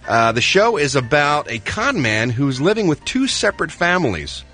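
A man's voice: a little high, sing-song, moderate pace, bright, forceful tone. A man doing the entertainment news on a morning show, sarcastic and mock-exasperated, with faint music behind him. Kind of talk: comic showbiz news segment.

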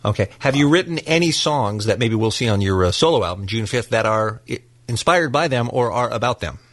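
A man's voice: mid-range voice, animated, fairly quick, a bit bright, no room sound. A man co-hosting a morning radio show, joking and teasing between questions. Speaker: radio co-host.

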